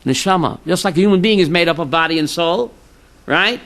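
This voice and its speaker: A rabbi with a high, bright voice gives an informal class. He jokes and tells stories and keeps checking in with the room by asking "right?". His punchlines are sometimes shouted. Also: fairly quick.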